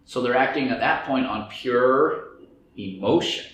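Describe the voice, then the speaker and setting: A man giving a group lecture on anxiety and stress performs inner voices as quoted dialogue. His mid-range voice is a bit bright, with lively intonation and a measured pace, and the room is very echoey with faint background noise.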